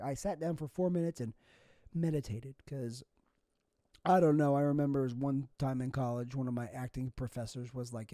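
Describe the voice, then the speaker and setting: A man's voice: medium pitch, expressive, fairly quick, warm tone, dry recording, studio quality. A young man hosting a solo comedy podcast, rambling through goofy, absurd tangents. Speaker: podcast host.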